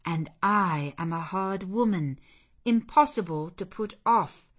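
A woman's voice: mid-range voice, slow, fairly bright tone. A woman voicing a determined, passionate young woman who speaks in an insistent, fervent way.

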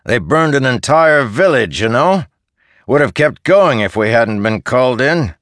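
A man voicing a hard, self-righteous male soldier who lectures loudly and sounds aggrieved. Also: medium pitch, sing-song, a little slow, no room sound, clean studio sound, pitched above the performer's own voice.

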